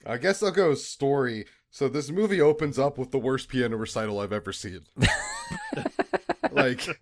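A man's voice: mid-range voice, moderate pace, a little hiss or hum. A man casually retelling a movie's story for a review podcast, laughing often and acting out lines. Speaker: podcast co-host.

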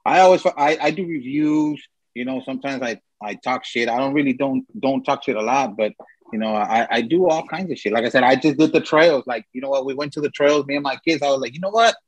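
A man with a husky, slightly breathy voice hosts a casual podcast. He talks bluntly and swears often while handing out advice. His voice sits close and dry on the mic. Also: medium pitch, a little fast, no echo, low-quality recording. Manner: blunt and heavily profane, giving advice. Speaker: podcast host.

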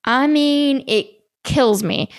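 Emphatic young woman with a gravelly edge. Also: high voice, slow, no room sound, clean studio sound. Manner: emphatic, repeats points for stress. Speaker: dating advice host. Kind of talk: casual advice monologue.

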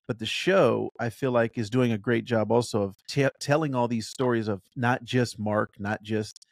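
A man's voice: mid-range voice, fairly even intonation, normal speed, gravelly, no echo, clean studio sound. A man co-hosting a casual review podcast, talking eagerly and thinking aloud with frequent restarts. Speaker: podcast co-host reviewing a show.

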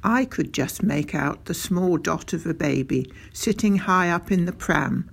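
Slow, gravelly storybook narrator. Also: mid-range voice. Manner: unhurried, even storytelling. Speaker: audiobook narrator. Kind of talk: first-person storybook narration.

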